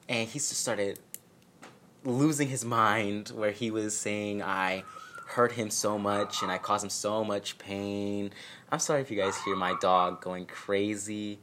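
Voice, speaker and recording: This casual home vlog features a storyteller recounting something from their own life, a dog close by. Their medium-pitched, slightly bright voice turns sarcastic and self-mocking, and they perform quotes in over-the-top voices.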